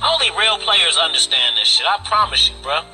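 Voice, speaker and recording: A man's voice: a little high, sing-song, brisk, sharp tone, soft background music, poor audio. A man hosting a casual podcast monologue, boastful and swaggering, with profane street slang. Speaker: podcast host. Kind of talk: casual live-stream monologue.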